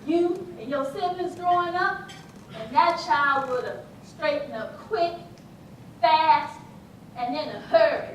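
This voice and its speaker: A woman's voice: high voice, takes it slowly, distant mic, a little hiss or hum. A woman playing her stern, bossy older mother, giving commands and scolding in a folksy way. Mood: boastful. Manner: commanding, scolding, with folksy Southern-style talk. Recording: echoey hall, heard from afar.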